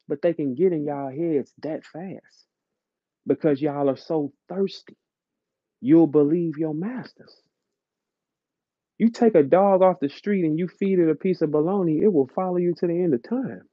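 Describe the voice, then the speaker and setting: A man rants bluntly and profanely at his listeners in a live audio chat. His voice sits a little high. The sound is dry and dull, like a lo-fi online audio stream. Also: normal speed, no room sound. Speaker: host of an audio chat room.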